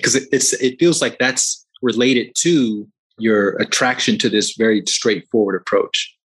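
Husky male host asking questions. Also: lowish voice, unhurried, a bit bright, low-quality recording. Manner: curious, asks long layered questions. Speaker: podcast host. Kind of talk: interview questions.

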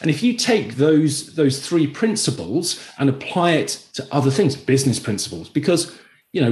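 A man, a filmmaker talking casually as a podcast guest, telling stories with lively energy. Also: mid-range voice. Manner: animated storyteller, acts out quoted voices. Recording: roomy echoey room.

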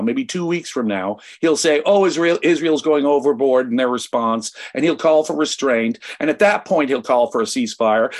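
An American man giving emotional, emphatic political commentary as a guest, his pitch swinging sharply as he talks. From United States.

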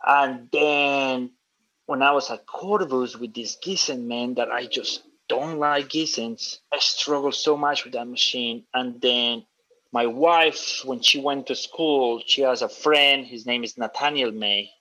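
A relaxed man chatting as an interview guest, rambling through stories in a casual, friendly way and calling people dude and man. His voice sits at an ordinary pitch. The sound is somewhat dull and lo-fi. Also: unhurried. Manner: loose, storytelling, says dude and man a lot. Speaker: guest, coffee roaster.

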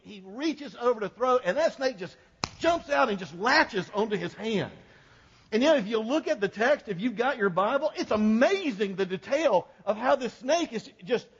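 Male pastor, high voice, casual storytelling sermon, dull recording with long reverb. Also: husky. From American South. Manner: folksy storytelling, jokes with congregation.

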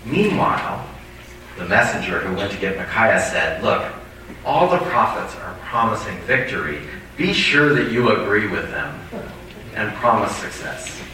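A male pastor reads scripture in a bright, forceful voice, stopping now and then for asides to the congregation. He sounds distant from the mic, and his words ring through a very echoey church hall with faint background noise. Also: lowish voice, lively intonation, moderate pace. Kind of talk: sermon reading scripture with commentary.

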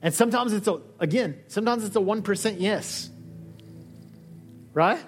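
Man, pastor preaching, fairly high voice, lively delivery, soft music behind. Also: normal speed. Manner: lively, acts out quoted dialogue with shifting pitch. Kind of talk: sermon. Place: church hall.

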